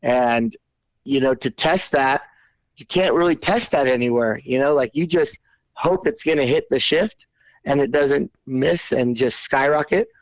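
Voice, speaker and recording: A man's voice: mid-range voice, a little slow, no echo, rough recording. A man guesting on a podcast as a race champion, answering easygoingly with lots of fillers and laughs. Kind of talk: casual interview answers.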